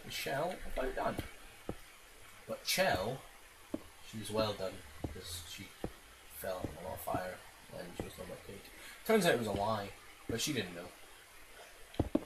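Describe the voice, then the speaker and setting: A man's voice: fairly low pitch, very animated, unhurried, long pauses. A man giving rambling, self-mocking gameplay commentary, swearing often and making silly noises. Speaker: game commentator. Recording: loud background noise.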